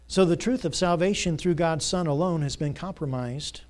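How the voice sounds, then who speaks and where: A male pastor preaching a Sunday sermon, asking the congregation to fill in words and building to loud, emphatic passages. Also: fairly high pitch, moderate pace. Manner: call-and-response questions, rising to loud emphatic preaching. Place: church sanctuary. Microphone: church sound system mic.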